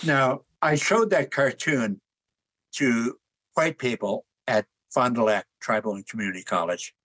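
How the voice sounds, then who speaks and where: An older man being interviewed about his book and artwork, telling relaxed anecdotes and chuckling at his own jokes. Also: medium pitch, unhurried, poor audio. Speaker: author and artist guest. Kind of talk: conversational interview storytelling.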